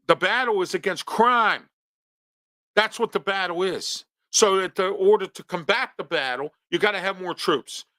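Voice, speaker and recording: A man's voice: high-pitched, pushed and bright, no echo. A man from hosting a local talk show, ranting his opinions with pointed rhetorical questions. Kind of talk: opinionated monologue.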